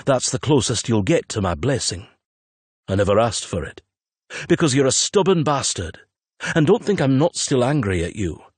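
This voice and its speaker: A man's voice: mid-range voice, sing-song, normal speed, husky, dry recording, pitched above the performer's own voice. Blunt, weary middle-aged father with a raised, emotional delivery; a man voices him in a dry, close read. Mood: brash.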